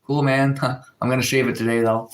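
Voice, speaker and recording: A man's voice: medium pitch, level tone, moderate pace, roomy sound. Rambling man livestreaming from home. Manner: rambling, filler-heavy storytelling, reads chat aloud. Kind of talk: casual livestream chat. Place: indoors at home, in a room with a window. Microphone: phone.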